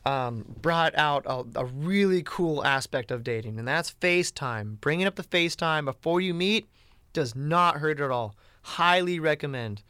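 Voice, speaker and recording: A man's voice: on the high side, fairly bright tone, smooth, no echo. A man talking casually and bluntly in a rambling way, with lots of "you know" and "like". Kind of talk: casual chat.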